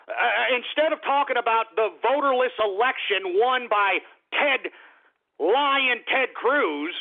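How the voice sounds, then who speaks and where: A man hosting a talk radio show, ranting furiously with shouts, curses and heavy sighs. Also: extremely high pitch. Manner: furious, shouting and swearing, then sighing to calm down. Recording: tinny phone-like radio audio.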